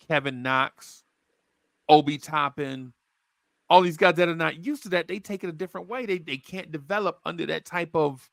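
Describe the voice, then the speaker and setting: Gravelly new guy on a dry podcast mic, chatty storyteller, voice sits a bit high. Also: no echo. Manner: animated storyteller, acts out quotes. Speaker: podcast host. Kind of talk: casual sports chat.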